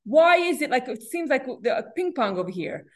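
A woman's voice: sits high, sing-song, brisk. Woman teaching a Torah lesson. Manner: explanatory, asks and answers her own questions; frequent restarts and repeated words.

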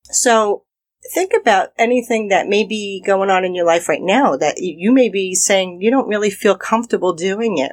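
A woman's voice: mid-range voice, no echo. A woman hosting a self-help podcast, talking straight to the listener in an encouraging, conversational way. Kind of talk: motivational podcast monologue.

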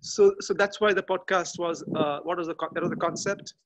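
A man chatting as a podcast guest from a garden outdoors, halting and often restarting as he searches for words. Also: sits high, fairly even intonation. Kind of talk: casual interview chat.

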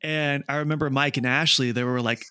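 A young man, a guest, retelling a funny story with excitement in a casual chat. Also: mid-range voice, a little fast, clean tone, dry recording, studio quality.

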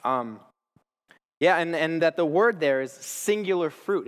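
Young man, casual sermon, slangy and enthusiastic, slightly high voice, long hall reverb. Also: lively intonation, measured pace. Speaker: speaker at a church gathering. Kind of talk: informal sermon with storytelling.

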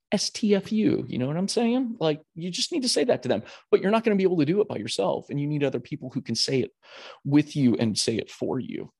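A man's voice: medium pitch, creaky, a little mellow, breathy edge. A man hosting a podcast, talking candidly in a rambling, earnest way with many restarts. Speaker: podcast host.

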